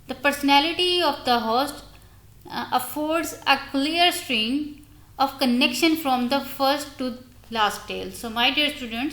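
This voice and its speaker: A woman with a slightly high, sharp voice gives a recorded university lecture on English literature. She addresses her students directly, halting and restarting her explanations, and the recording is roomy and echoey.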